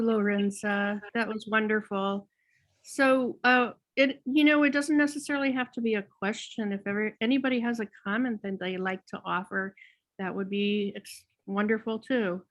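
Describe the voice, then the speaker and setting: A woman's voice: mid-range voice, poor audio. Woman hosting a poetry reading. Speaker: reading host. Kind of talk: event hosting.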